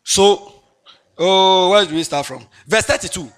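A man preaching a sermon, reading scripture in a lilting, sing-song way and swinging between loud bursts and near-murmurs. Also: high-pitched, unhurried.

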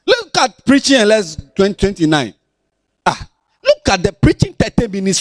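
High, lively Ghanaian preacher man. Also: normal speed, long pauses, no room sound. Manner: animated, sing-song, teasing the listeners. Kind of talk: lively Bible lesson for children.

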